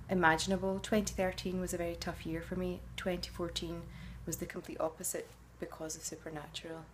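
A woman's voice: fairly low pitch, slight background noise. A middle-aged woman, an actress answering fan questions in a casual, chatty way, musing and often hesitating.

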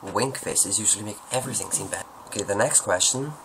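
A man's voice: on the low side, fairly quick, background noise. A man answering viewer questions at home in a rambling, joking, self-deprecating way. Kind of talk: casual Q&A monologue.

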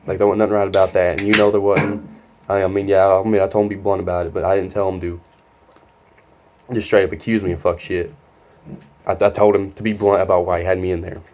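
A man's voice: low-pitched, highs cut off. A young man telling a heated, profane story in a casual storytime. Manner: profane, rambling, heated retelling.

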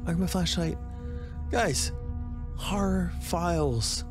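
A young man playing a game on camera, chatting casually and jumping to high yelps and cries when startled. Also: slow pace, faint music behind. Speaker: gaming YouTuber.

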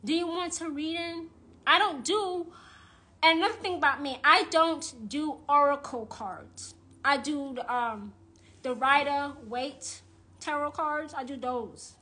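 Blunt, high-voiced woman ranting live. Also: unhurried, pushed and bright. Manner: blunt, profane and indignant; repeats phrases for emphasis. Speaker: witch and tarot reader. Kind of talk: live-streamed rant.

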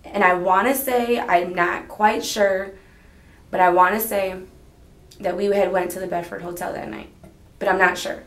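A woman's voice: mid-range voice, fairly even intonation, normal speed, a bit bright. Rambling young woman in a roomy interview room. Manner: rambling, hesitant storytelling. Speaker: witness being questioned. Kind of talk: police interview. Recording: roomy archival interview recording.

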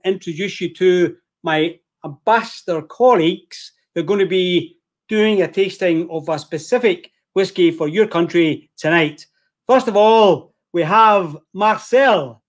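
Glaswegian male host, higher register, friendly and jokey with the audience. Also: measured pace. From Scotland. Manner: chatty, jokey, addresses the audience as folks. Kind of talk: hosting an online whisky tasting.

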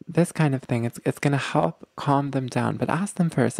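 Man, mid-pitched and gravelly, coaching couples gently, dry close sound; keeps checking in. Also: normal speed, no room sound. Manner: gentle, explanatory, often checks in with "okay?". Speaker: relationship coach. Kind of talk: relationship advice talk.

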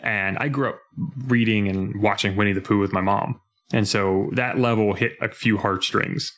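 Young male podcast co-host, slightly low voice, lively, casual chat with quick mock voices. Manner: animated, breaks into mock voices when retelling scenes.

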